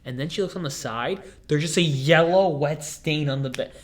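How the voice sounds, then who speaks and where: A man's voice: a little high, normal speed. A young man hosting a podcast, telling rambling, jokey stories in casual chat with lots of fillers. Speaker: podcast host.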